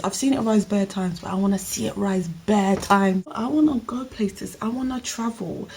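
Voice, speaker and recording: A woman's voice: mid-range voice, moderate pace, hardly any pauses, darkish tone, slightly rough. A woman giving opinion commentary on her vlog, talking emphatically and straight to her viewers. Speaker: vlogger.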